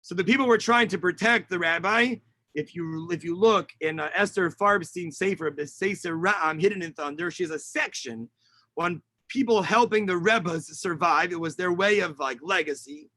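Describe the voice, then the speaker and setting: A man who is a rabbi, teaching a lesson over a video call as an animated storyteller who mixes in Hebrew and Yiddish terms. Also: high voice, moderate pace, no echo.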